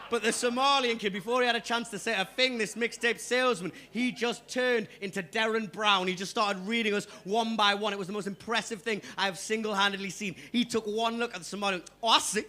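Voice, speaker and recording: A man's voice: high voice, sharp tone. A man from Newcastle doing a stand-up comedy set on a club stage, rowdy and swearing as he teases the crowd. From Newcastle upon Tyne, England.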